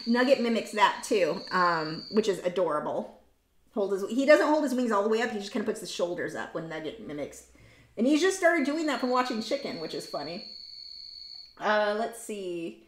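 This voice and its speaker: A woman's voice: medium pitch, very animated, moderate pace, a little hiss or hum. A woman hosting an art livestream, chatting casually and rambling as she reads viewer comments aloud. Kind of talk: casual chat while drawing. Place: home art studio. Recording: echoey room.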